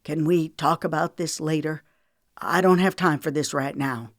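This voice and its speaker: Woman reading as a steady young man. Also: low voice, normal speed, dry recording, studio quality, lightly acted. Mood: firm.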